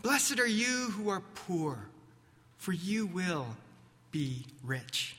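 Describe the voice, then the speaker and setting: Man voicing a calm teacher, solemn, slow, bright tone, echoing hall. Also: high voice, heavily acted. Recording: echoey hall reverb.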